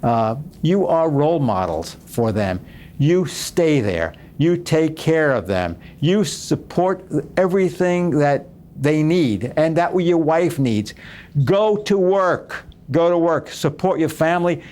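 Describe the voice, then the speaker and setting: A man's voice: a little high, big pitch swings, a little slow, a little mellow. A man hosting a talk show, speaking to viewers in an earnest, exhorting way and repeating phrases for emphasis. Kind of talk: preaching talk show host.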